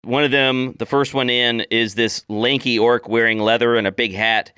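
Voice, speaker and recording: A man narrating as game master of a tabletop game, describing scenes in a relaxed way with frequent fillers. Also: mid-range voice, moderate pace, clear, resonant tone, dry recording, studio quality.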